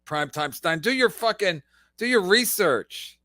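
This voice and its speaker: Male podcast host, bright edgy tone, sarcastic heckler, dry room. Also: sits high, lively intonation, a little slow, dry recording. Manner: sarcastic, loud profane interjections. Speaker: podcast host reacting to a clip. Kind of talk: mocking commentary.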